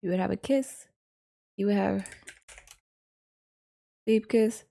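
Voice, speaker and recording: A woman's voice: mid-range voice, slow, vocal fry, dark tone. A woman teaching a casual lesson, thinking aloud in a rambling, hesitant way with frequent ums and self-corrections. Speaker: course instructor.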